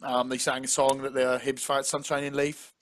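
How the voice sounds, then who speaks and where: A man's voice: medium pitch, monotone, normal speed, fairly bright tone. A man co-hosting a casual chat, joking around and reading club facts. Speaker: co-host.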